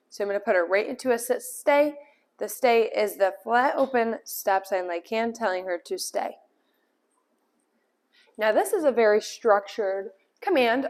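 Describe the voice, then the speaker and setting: A woman dog trainer calmly explaining a lesson, with firm short commands to a puppy. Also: a little high. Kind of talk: instructional demonstration.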